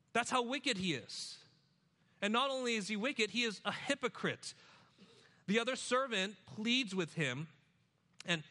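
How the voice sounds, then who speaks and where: Bright, high-voiced male preacher. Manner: expository preaching, swings between loud emphasis and hushed low asides. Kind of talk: sermon.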